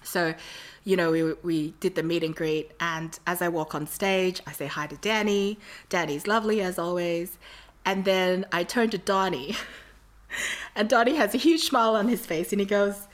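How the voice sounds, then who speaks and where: A woman's voice: fairly low pitch, normal speed. Chatty woman telling a story. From Australia. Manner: chatty, rambling storytelling with lots of fillers. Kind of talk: casual chat.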